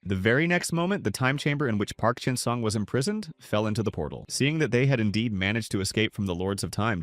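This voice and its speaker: Low-voiced man narrating a recap. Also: sing-song, brisk, hardly any pauses, no echo. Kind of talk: scripted story narration.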